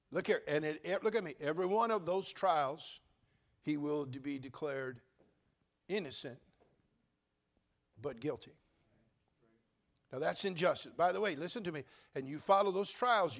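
A man preaching a sermon as pastor, speaking straight to his congregation, repeating phrases and swinging from hushed lines to shouted ones. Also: on the high side.

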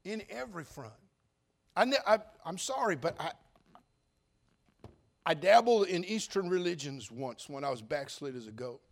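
An older man preaching a sermon, folksy and joking, telling stories and rising into loud preaching at times. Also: a little high, animated, normal speed, gravelly, pauses often. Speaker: pastor.

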